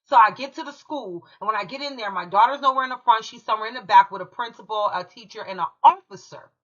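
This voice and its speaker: A woman's voice: a little high, fast talker, a bit bright, muffled recording. A woman from California, a channel host telling a heated personal story in an emphatic, profane way. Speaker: true crime commentary channel host.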